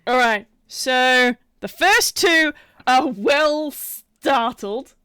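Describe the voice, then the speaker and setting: A woman game master narrating a tabletop session at a slow, unhurried pace, stopping often for ums and little laughs. Her voice is high-ish, smooth and clear. It is heard close and dry. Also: lively intonation, bright, forceful tone, dry recording. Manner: halting, full of fillers and laughs. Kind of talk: running a tabletop game over a call.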